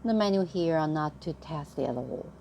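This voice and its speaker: A woman voicing a fussy, polite male waiter who speaks in a slow, proper way, reading a bedtime story. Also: low-pitched, lively intonation, gravelly, dark tone, a little hiss or hum. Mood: prim, proper.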